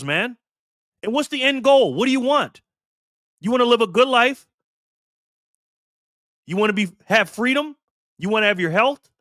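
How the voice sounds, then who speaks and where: A man's voice: extremely high pitch, pushed and bright, no echo, clean studio sound. A man in his fifties hosting his own vlog, talking straight to camera in a heated, profane, emphatic rant. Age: 50s. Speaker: channel host.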